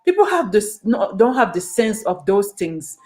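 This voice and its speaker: A woman's voice: mid-range voice, sing-song, normal speed, a little mellow, soft background music. A woman from Ghana, speaking to her viewers in a casual opinion monologue. She is earnest and passionate and often restarts her sentences. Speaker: vlogger.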